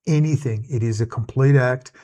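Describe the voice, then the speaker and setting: Australian man, channel host, angry rambling commentary, profane, mid pitch. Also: normal speed, dark tone.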